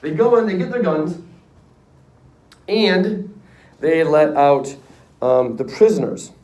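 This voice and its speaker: A middle-aged man teaching a history class in a casual, joking way, often slipping into quick voices for the people in his story. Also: fairly high pitch, expressive, darkish tone, dull audio. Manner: jokey storytelling, acts out quick character voices. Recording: echoey classroom, voice from far off.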